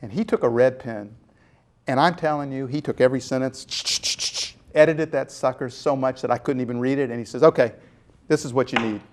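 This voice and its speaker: A man in his sixties, a guest telling lively stories about his career and acting out quoted voices as he goes. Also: medium pitch, moderate pace. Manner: animated storyteller acting out quotes. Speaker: guest, former jai alai PR director. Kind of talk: storytelling in casual chat.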